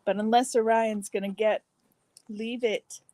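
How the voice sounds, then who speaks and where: A woman's voice: a little high, fairly even intonation, a little slow, dark tone, no room sound, poor audio. Woman, stream host, casual chat with viewers, snacking, dry close mic. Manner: chatty, talks to viewers while eating. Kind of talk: casual chat reading comments.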